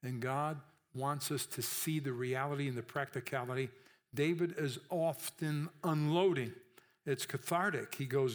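A man's voice: medium pitch, steady tone, measured pace. A man preaching a sermon in a conversational way, often checking in with his listeners and acting out the voices he quotes.

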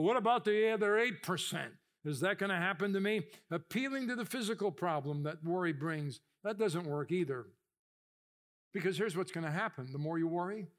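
High-voiced, animated preaching man. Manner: animated storytelling, acts out voices, rises in pitch and volume for emphasis. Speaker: pastor. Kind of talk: sermon.

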